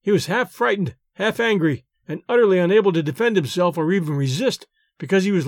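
Male audiobook narrator, high voice, very lively delivery, dry close sound. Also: a little fast, no echo. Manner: expressive, animated storytelling. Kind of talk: audiobook reading of a short story.

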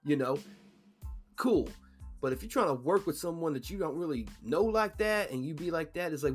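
A man's voice: on the high side, lively intonation, normal speed, soft background music. A man co-hosting a casual podcast, talking loosely, swearing and acting out quoted lines. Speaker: podcast co-host.

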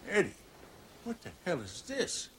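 An actor playing a panicked, middle-aged mob boss who pleads and stammers. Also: male voice, a little high, huge pitch swings, a little slow, background noise. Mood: panicked pleading.

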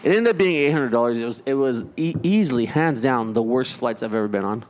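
A man's voice: medium pitch, expressive, fast, darkish tone, a little hiss or hum. A man co-hosting a podcast, telling a story in casual banter, swearing freely and repeating words as he restarts. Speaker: podcast co-host.

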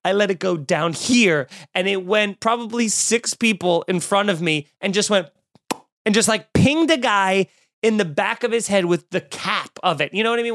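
A man, a stand-up comedian hosting a podcast, telling a story in a casual, animated and self-mocking way, with lots of swearing. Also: sits high, dry recording, studio quality.

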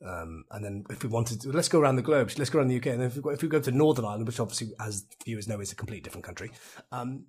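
Welsh male actor, guest on a casual podcast, slightly breathy voice, restless and chatty. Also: mid-range voice, very fast. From Wales. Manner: animated, rambling, laughs often, tries out accents.

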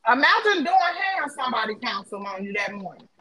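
A woman hosting a casual podcast chat, lively and quick to laugh. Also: a little high, a loud crowd, rough recording. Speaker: host.

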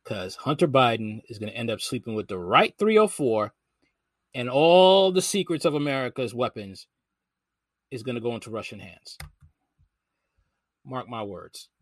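A man riffing through casual reaction commentary, his pitch leaping around as he marvels at what he hears. His voice sits close and dry, with no room sound. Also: normal speed, long pauses, no echo. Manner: animated, incredulous, slangy. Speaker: commentary host.

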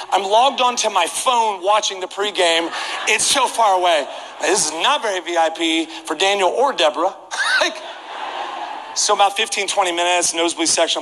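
High, bright-voiced comic preacher. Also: male voice, a little hiss or hum. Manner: animated, comic, acts out voices. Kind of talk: comic storytelling sermon. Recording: reverberant hall, faint ambience.

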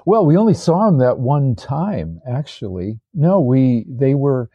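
A man's voice: medium pitch, big pitch swings, unhurried, slightly rough, dry recording, dull audio. An older man, a former tank commander, telling his stories as an interview guest in a rambling way, with restarts and fillers. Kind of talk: casual interview storytelling.

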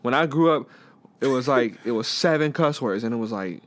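A man co-hosting a podcast in casual chat, starting haltingly and often finishing his partner's sentences. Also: mid-range voice, expressive. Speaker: podcast co-host.

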